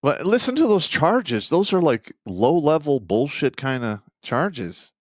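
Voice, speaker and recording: A man's voice: very animated, measured pace, no echo, clean studio sound. A man in his fifties hosting a casual talk show, wry and sardonic, sometimes dropping to a sigh or mutter. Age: 50s. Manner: wry, sardonic, drops to low sighs and mutters. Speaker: podcast host.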